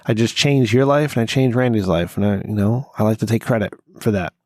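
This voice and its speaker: A man's voice: on the low side, a little fast, a little mellow, slight background noise. A man hosting a podcast in a casual, profane, rambling and jokey way. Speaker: podcast host. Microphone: studio mic.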